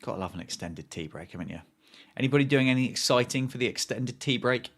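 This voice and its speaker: A man's voice: mid-range voice, animated, fast, a bit bright. A man hosting a live cricket watchalong, chatting casually, joking and reacting to play and viewer comments.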